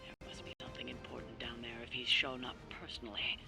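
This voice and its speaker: Gravelly, measured mission briefer, game music behind. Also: male voice, medium pitch, completely flat delivery. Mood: briefing. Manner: measured, instructive. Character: calm male mission briefer.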